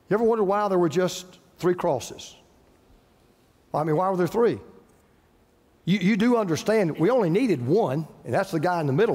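A male pastor delivers his sermon in a high, expressive voice, repeating key phrases and letting dramatic pauses land. His voice rings out with the long reverb of a large hall. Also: breathy edge. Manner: preaching with dramatic pauses and repetition.

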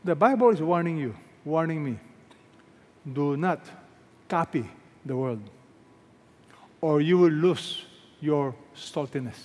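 A man's voice: fairly high pitch, animated, slow, long pauses, darkish tone. A man with a Filipino accent preaching a sermon as pastor, emphatic, repeating phrases and firing rhetorical questions at the congregation. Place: large church hall. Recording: long reverb from a large hall.

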